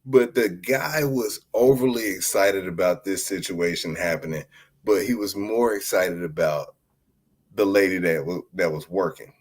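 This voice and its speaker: A podcast host with a low-pitched voice and measured pace tells a story in casual chat. He is animated and joking, laughing often as he talks.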